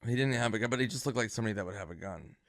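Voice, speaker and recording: A man's voice: fairly low pitch, very fast, no echo, clean studio sound. A man, a talk show guest, telling an anecdote and acting out each person in it. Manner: animated, acting out the people in his story. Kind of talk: casual storytelling.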